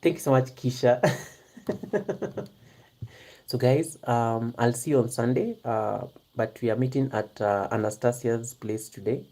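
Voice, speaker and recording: Hushed giggly streamer, mellow tone, talking to chat. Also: medium pitch, steady tone, a little slow. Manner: hushed half-whisper, giggly, chatty; talks straight to viewers in the chat. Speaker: live-streaming YouTuber. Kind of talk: casual live-stream chat.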